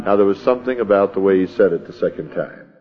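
A low-voiced man talks fast through a muffled recording, preaching a folksy sermon where he reads scripture, acts the scene out in everyday words, and chuckles along the way.

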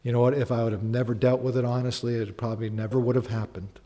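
A man's voice: medium pitch, little pitch movement, fast talker, warm tone. A man preaching a sermon as a pastor, talking conversationally, asking the congregation questions and acting out honest prayers. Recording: long hall reverb.

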